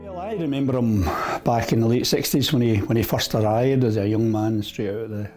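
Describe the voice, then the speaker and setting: A man's voice: mid-range voice, a little fast, a little mellow. A man recalling a priest's early years in a reflective, hesitant way. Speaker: parishioner. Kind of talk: casual recollection. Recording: music behind.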